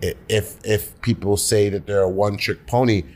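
Low-voiced man telling loose stories. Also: fairly even intonation, normal speed, a little mellow. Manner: loose, filler-heavy storytelling. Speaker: podcast guest, music entrepreneur. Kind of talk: casual chat.

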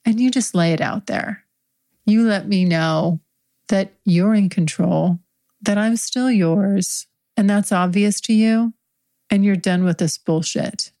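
A woman's voice: mid-range voice, darkish tone. A woman host improvising an erotic story in the second person, intimate, frank and profane, lingering on her words. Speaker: podcast host.

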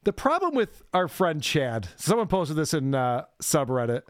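A man's voice: on the high side, very animated, moderate pace, no room sound, studio quality. A man hosting a podcast, chatting casually and joking sarcastically. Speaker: podcast host.

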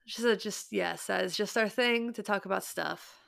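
A woman's voice: mid-range voice, normal speed, gravelly, fairly bright tone, no room sound, studio quality. A woman co-hosting a podcast, chatting casually in a rambling way with many fillers. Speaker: podcast co-host. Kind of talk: casual chat.

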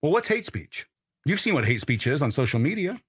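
A man's voice: on the high side, sing-song, brisk, fairly bright tone, slightly rough. A man hosting a political commentary show, ranting in a heated, blunt and profane way. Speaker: host.

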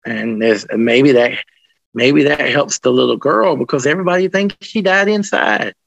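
A man telling ghost stories in an interview, rambling and restarting his sentences, animated as he tells them. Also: medium pitch, moderate pace, vocal fry, no room sound, lo-fi sound. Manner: rambling, with many restarts and colloquial grammar. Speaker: interviewee, paranormal investigator. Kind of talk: casual storytelling interview.

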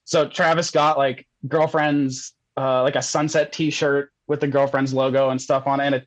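A man's voice: medium pitch, flat delivery, normal speed, no room sound, low-quality recording. A young man telling a story as a podcast guest, casual and rambling, laughing often and saying "like" a lot.

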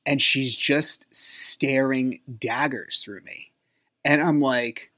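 A man hosting a podcast, telling a personal story in a rambling way, full of "like", sometimes dropping to a low murmur. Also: steady tone, slow pace, pushed and bright. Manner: rambling, frequent filler "like". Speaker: podcast host.

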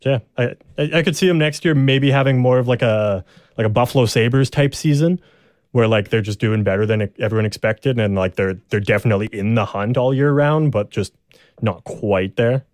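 A young man co-hosting a sports podcast in casual chat, relaxed and halting with many fillers and restarts. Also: medium pitch, no room sound, clean studio sound.

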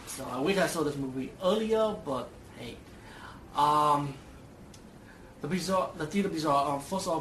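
A man's voice: a little high, a little hiss or hum. Rambling, profane man in an echoey room. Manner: rambling and profane, with many fillers and restarts. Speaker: vlogger reviewing a film. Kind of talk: casual movie review vlog.

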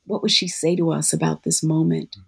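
An author and guest answering interview questions in a thoughtful, halting way with many fillers. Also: medium pitch, flat delivery, gravelly, breathy edge.

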